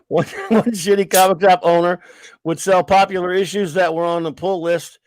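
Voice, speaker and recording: Middle-aged man, casual stream host, rambling profane storyteller, slightly high voice, dry close sound. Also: moderate pace, long pauses, dry recording. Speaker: livestream host. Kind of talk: casual chat.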